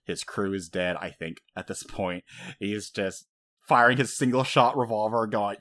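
His voice runs on the low side at a moderate pace as this young host leads a laid-back recap chat. Animated and profane, he laughs a lot and gets worked up about the story.

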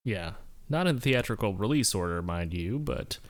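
A man's voice: fairly low pitch, animated, normal speed. A man co-hosting a podcast in casual chat, rambling and self-mocking with many fillers. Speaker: podcast co-host.

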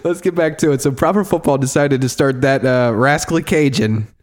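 A man's voice: mid-range voice, brisk. Rambling man hosting a casual podcast. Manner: loose, rambling, swears freely. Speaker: podcast host.

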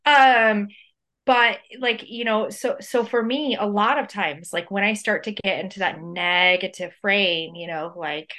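A woman's voice: mid-range voice, unhurried, few pauses, bright, forceful tone. A woman who is a researcher, co-hosting a podcast in casual chat, reflective and reasoning aloud. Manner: reflective, reasons aloud with quoted self-talk.

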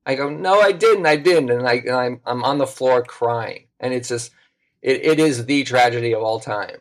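Here a middle-aged man, guesting on a podcast, tells a story casually in a mid-range voice at normal speed. He gets animated and does the voices of the people involved.

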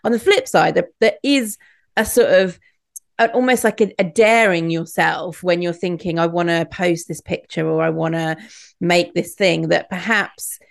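A woman hosts a casual podcast in a fairly low voice with a gravelly edge. She talks in a chatty, reflective way and fills her sentences with "like" and "you know.". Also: steady tone, moderate pace. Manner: chatty and reflective, many fillers.

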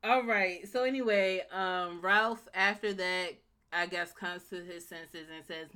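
A woman co-hosting a casual show recap, emphatic and animated, often acting out the scenes. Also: fairly low pitch, a little slow, smooth. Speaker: podcast co-host.

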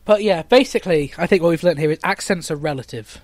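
A man's voice: on the high side, fast, a little mellow, slight background noise. A young British man hosting a podcast, chatting casually, laughing often and restarting his sentences. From Britain. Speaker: podcast host. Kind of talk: casual chat.

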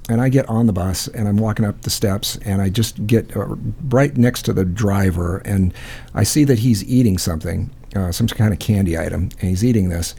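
A call-in show host tells a rambling, profane story packed with fillers in a casual storytelling style. His voice is fairly low, gravelly, and mellow, with a breathy edge.

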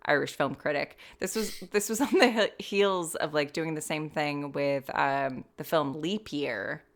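A woman's voice: low-pitched, measured pace. An American woman in her thirties, a comedian guest chatting on a podcast, telling stories with lots of laughter and acted-out quotes. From United States. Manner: animated storytelling, laughs often, acts out quotes. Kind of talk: casual chat.

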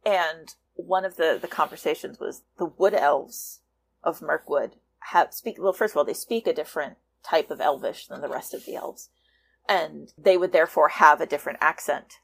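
A woman fanfiction writer talking as a guest in a casual interview, animated and laughing often. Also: sits low, normal speed, gravelly, husky.

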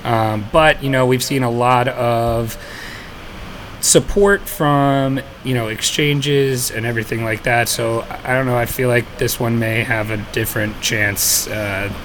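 A man's voice: medium pitch, steady tone, unhurried, noisy background. A man hosting a podcast in casual chat, laid-back, with many fillers and frequent laughs. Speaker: podcast host.

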